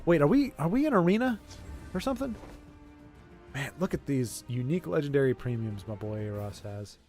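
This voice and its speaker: A young man live-streaming and commentating a card game, reacting excitedly with quick exclamations and jokey, rambling asides. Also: mid-range voice, soft background music.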